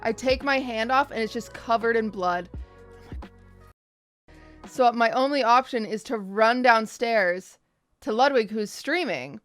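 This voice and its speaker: A young woman streamer telling her chat a story in a casual, animated way, often restarting and repeating words. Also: fairly high pitch, measured pace, pauses often, no room sound, soft background music.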